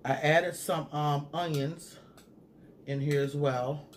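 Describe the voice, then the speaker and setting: A man's voice: fairly high pitch, steady tone, slow, a little hiss or hum. A man in a casual food-review vlog who chats straight to his viewers and hums and murmurs while he eats. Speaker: mukbang vlogger reviewing a sauce.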